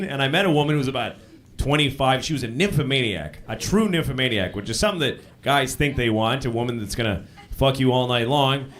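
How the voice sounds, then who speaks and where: Crude, lively stand-up comedian man. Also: medium pitch. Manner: crude, self-deprecating, conversational. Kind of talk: stand-up routine. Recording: live stand-up with audience laughter. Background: audience laughing.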